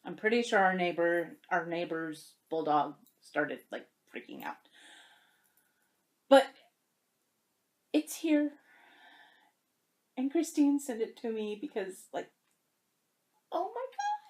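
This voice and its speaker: Young woman crafter, chatty vlogger, animated storyteller with a pitch that swings high and low. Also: takes it slowly, long pauses. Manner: animated storytelling, emotional and tearful at times. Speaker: cross-stitch vlogger. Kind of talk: casual chat to camera.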